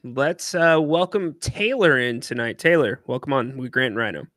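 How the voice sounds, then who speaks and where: A man's voice: medium pitch, animated, moderate pace, a bit bright, dry recording, clean studio sound. A man co-hosting a sports podcast, chatting casually with short affirming replies. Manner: brief affirming interjections. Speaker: podcast co-host.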